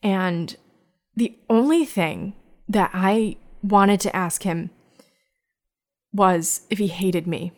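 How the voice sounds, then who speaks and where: A woman's voice: medium pitch, a little mellow. A woman telling a personal story in conversation, candid and reflective, often stopping and repeating words as she speaks. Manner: halting, restarts and repeats words.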